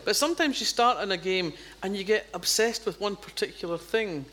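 A woman's voice: medium pitch, a little fast, a bit bright. A Scottish woman from Fife, a novelist guest chatting casually, often restarting sentences and chuckling. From Scotland, Fife. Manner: hesitant, repeating starts, chuckling. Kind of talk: casual chat.

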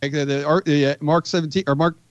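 A man's voice: a little high, steady tone, fast, no room sound, highs cut off. A man in his forties, a podcast guest, telling a rambling, profane war story in casual talk. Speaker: podcast guest, magazine editor.

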